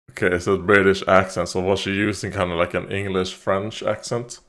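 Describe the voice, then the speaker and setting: Reaction host, male, lowish voice; loose, rambling, think-out-loud commentary. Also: fairly even intonation, moderate pace, hardly any pauses. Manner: thinks aloud, rambling with fillers and laughs. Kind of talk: casual commentary.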